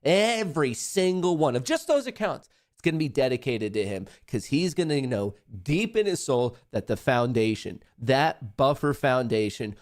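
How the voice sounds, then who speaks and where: A young adult man hosting a live trading stream, talking to chat in a profane, excitable, trash-talking way. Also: medium pitch, normal speed, hardly any pauses, dry recording, clean studio sound. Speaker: livestream trading host.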